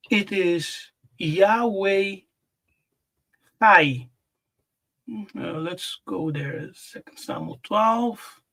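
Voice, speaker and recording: A man teaching scripture on a live stream, slow and deliberate, repeating key words for emphasis. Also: high voice, gravelly. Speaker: Bible teacher.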